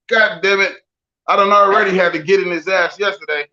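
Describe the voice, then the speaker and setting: A man's voice: high voice, fairly even intonation, fairly quick, pushed and bright, dull audio. A man in his forties co-hosting a podcast, telling profane, joking stories in casual banter. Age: 40s. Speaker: podcast co-host.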